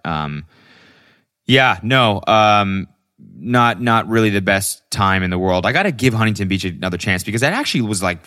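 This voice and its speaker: A young man hosts a solo podcast and tells his stories in a loose, rambling way. He swears freely and fills his sentences with ums and likes. His voice sits low. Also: a bit bright. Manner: profane, rambling, lots of fillers. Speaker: podcast host. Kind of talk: casual solo podcast storytelling.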